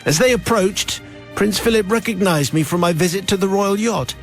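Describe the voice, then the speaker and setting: Over a soft music bed, a middle-aged man hosting a radio program brings a listener's letter to life as he reads it, speaking at an ordinary pace. His pitch runs slightly high for a male voice.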